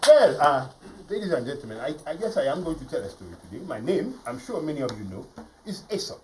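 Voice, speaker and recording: A man telling a folk tale in a live performance for a studio audience, animated and playful, often speaking straight to the crowd. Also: on the high side, fast talker, a little hiss or hum. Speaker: storyteller. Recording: voice from a distance, faint ambience.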